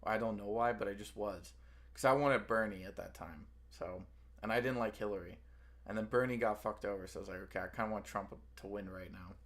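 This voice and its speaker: A man with a fairly low voice, rambling through a casual story in slangy talk. He trips over his words and starts over a lot. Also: steady tone, fairly quick, a bit bright. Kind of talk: casual chat.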